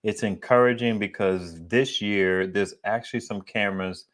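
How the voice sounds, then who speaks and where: Deep bassy guy rambling to his viewers on a vlog, slangy and candid, wanders off topic a lot. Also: moderate pace. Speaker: solar equipment YouTuber. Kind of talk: casual vlog chat.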